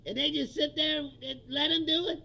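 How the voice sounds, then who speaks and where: A man's voice: very high voice, steady tone, normal speed, gravelly, bright, forceful tone. A man in his fifties, a comedian hosting a profane, ranting comedy livestream and laughing often. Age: 50s. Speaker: comedian host.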